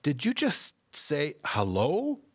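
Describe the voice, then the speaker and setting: A man's voice: wildly swooping pitch, slow pace, husky, full character voice. A man reading a storybook aloud and voicing an impatient, rude young boy with a raised, pushy voice. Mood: indignant. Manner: high, pushy and petulant.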